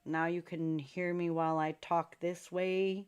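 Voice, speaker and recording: Unhurried and smooth, this low-ish voice barely moves in pitch and rarely pauses, with a slightly mellow quality. She's running a piano request livestream from a room at home, joking with viewers and laughing at herself into a studio mic whose distance varies.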